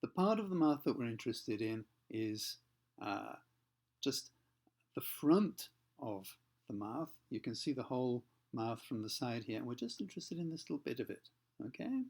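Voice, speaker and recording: A man teaching pronunciation, explaining patiently, slowing down to demonstrate sounds and often checking in with the listener. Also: medium pitch, very animated, a little mellow. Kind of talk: explanatory lesson for learners.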